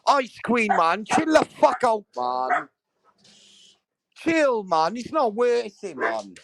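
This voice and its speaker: A man chatting casually on a livestream from home, crude and mocking, swearing constantly, with sudden loud outbursts. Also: high-pitched, very animated, takes it slowly, creaky, noisy background. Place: at home with dogs nearby.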